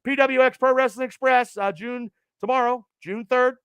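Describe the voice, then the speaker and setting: A man's voice: extremely high pitch, fairly even intonation, normal speed, a bit bright, clean tone, dry recording. A man hosting a podcast, rattling off event plugs in an announcer cadence and swearing casually. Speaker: podcast host.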